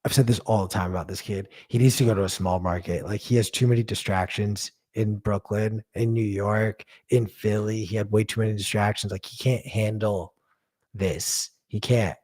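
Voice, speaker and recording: A man's voice: on the low side, steady tone, normal speed, a little mellow. A man co-hosting a casual sports podcast, blunt and profane, ranting and laughing at his own jokes. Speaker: podcast co-host.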